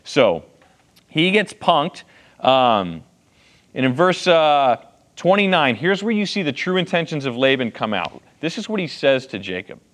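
A man's voice: on the high side, sing-song, measured pace, fairly bright tone. Casual man teaching a Bible passage. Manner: casual, checks in with frequent "okay" and "right". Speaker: pastor teaching a Bible study.

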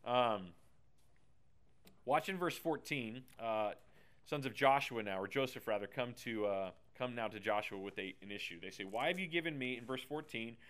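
A man teaching a lively Bible lesson who keeps checking in with the class and retells scripture in casual slang. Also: medium pitch, moderate pace. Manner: chatty, keeps asking "right?", paraphrases scripture in slang.

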